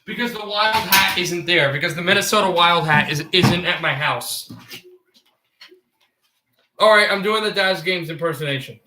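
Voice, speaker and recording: A man's voice: high voice, moderate pace, pauses often, reverberant, background noise. A young man from the United States giving casual play-by-play hockey commentary on a livestream, often stammering and repeating words.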